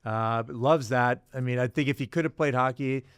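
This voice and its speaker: A man's voice: mid-range voice, moderate pace, smooth, no room sound, studio quality. A man co-hosting a podcast, agreeable and a little hesitant in casual chat. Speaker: podcast co-host.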